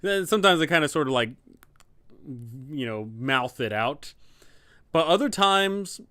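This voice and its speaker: A man's voice: mid-range voice, pushed and bright, clear, resonant tone, dry recording, clean studio sound. A man, a dungeon master hosting a live Q&A stream, chatting casually and rambling. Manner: rambling, lots of fillers and restarts.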